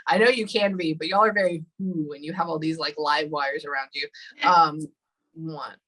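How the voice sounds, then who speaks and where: A woman in her thirties giving a spirit reading, talking haltingly and thinking aloud with many pauses. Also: low-pitched, steady tone, a bit bright, rough recording. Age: 30s. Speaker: psychic medium.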